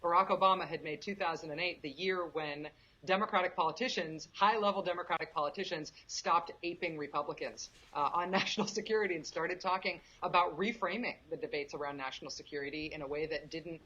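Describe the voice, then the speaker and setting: Woman political guest, lower voice, sharp and chatty, muffled lo-fi line with faint hiss. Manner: quick, articulate, laughs easily. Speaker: guest commentator. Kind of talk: conversational political commentary.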